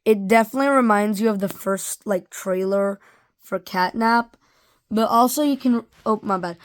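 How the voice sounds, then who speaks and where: A woman's voice: mid-range voice, normal speed. A woman casually reviewing toys in a rambling, offhand way, full of fillers. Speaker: toy reviewer. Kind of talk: casual product review vlog.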